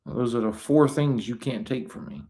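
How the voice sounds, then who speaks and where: A man's voice: medium pitch, sing-song, moderate pace, vocal fry, a little mellow. A man hosting a live stream, talking in a rambling, preachy way with many fillers and restarts. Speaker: host. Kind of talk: casual live-stream talk.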